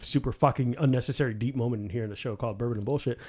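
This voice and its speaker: A man's voice: medium pitch, very fast, darkish tone, slightly rough. A man hosting a podcast in casual chat, crude and full of swearing and laughter. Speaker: podcast host.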